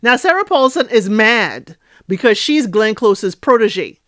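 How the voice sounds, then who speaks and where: A woman hosting a casual TV recap and review, chatty and animated, talking straight to her viewers. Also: fairly high pitch, a little slow, no room sound, clean studio sound. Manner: chatty, animated, addresses viewers directly, frequent "you know" and "okay?". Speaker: TV recap host.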